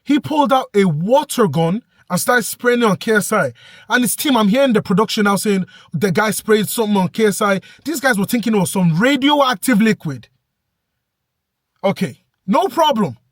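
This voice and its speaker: A young man telling an animated, breathless story in a vlog rant, bursting into shouts now and then. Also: high-pitched, normal speed, no echo, clean studio sound. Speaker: vlogger.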